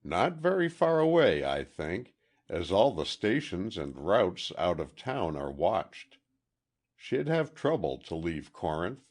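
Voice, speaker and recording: A man reading an audiobook, voicing a calm, measured detective who speaks with quiet authority. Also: low voice, exaggerated voice. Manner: measured, reassuring.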